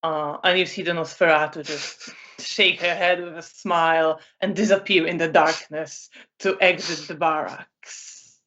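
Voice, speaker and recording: Woman, tabletop game storyteller, unhurried narration, frequent fillers, low voice, dull lo-fi audio. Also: fairly even intonation, fairly bright tone.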